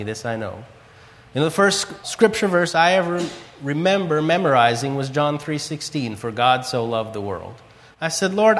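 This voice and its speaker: A man's voice: on the high side, fairly bright tone. Earnest male preacher in a reverberant hall. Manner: earnest storytelling, quotes scripture and his own prayers. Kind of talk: sermon.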